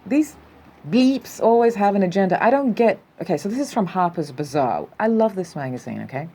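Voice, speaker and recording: An Australian woman hosting a casual news show, reading headlines aloud and adding sardonic, animated commentary. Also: mid-range voice, fairly quick, breathy edge. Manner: sardonic, animated, reads headlines then riffs.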